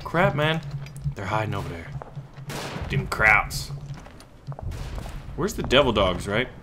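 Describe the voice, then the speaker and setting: A man giving excitable let's play commentary while playing a shooter game, often swearing and shouting at the action. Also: lowish voice, slow pace, noisy background. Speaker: gaming YouTuber. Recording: loud game gunfire behind voice. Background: game gunfire and explosions.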